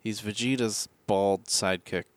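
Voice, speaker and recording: A man's voice: lowish voice, steady tone, moderate pace, no room sound. A man in a casual podcast chat, blurting short quips.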